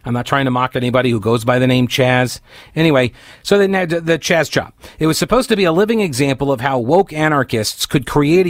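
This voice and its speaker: A man's voice: medium pitch, expressive, brisk, no room sound, clean studio sound. A man hosting a talk radio show, delivering an opinionated monologue full of sarcastic, mocking asides.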